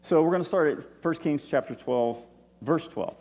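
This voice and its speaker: A man's voice: a little high, normal speed. Pastor guy chatting through his sermon, easygoing, big echoey hall sound. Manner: relaxed, conversational preaching with asides. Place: church stage. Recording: long reverb of a large hall.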